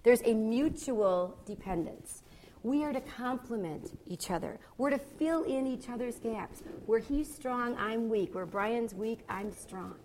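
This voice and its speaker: A woman's voice: on the high side, measured pace, a little mellow, slight background noise. A woman speaking to married couples at a seminar. She is gregarious and a bit goofy, and she keeps checking in with the audience by asking "okay?". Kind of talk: teaching talk to married couples.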